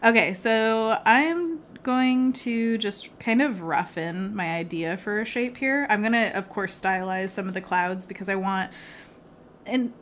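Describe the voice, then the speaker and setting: A woman's voice: mid-range voice, a bit bright, a little hiss or hum. A woman illustrator hosting a live painting stream, chatty and bubbly, laughing often as she talks through her work. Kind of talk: casual live painting chat.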